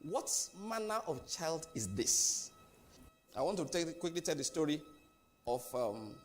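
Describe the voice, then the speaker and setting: A man's voice: on the high side, very animated, unhurried, faint music behind. Man preaching a sermon with emphasis. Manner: emphatic, asks the listeners questions.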